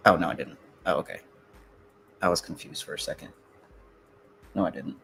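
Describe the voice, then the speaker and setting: A man's voice: a bass voice, normal speed, creaky, fairly bright tone, slight background noise. A young man trading futures live on stream, talking casually to viewers and swearing, frustrated and muttering to himself. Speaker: livestreaming futures trader.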